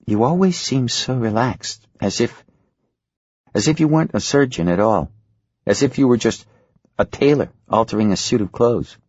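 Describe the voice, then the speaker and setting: A man's voice: mid-range voice, animated, moderate pace, a little mellow, breathy edge, no room sound, highs cut off, voice pushed up. A man lifting his voice for an earnest young woman surgeon.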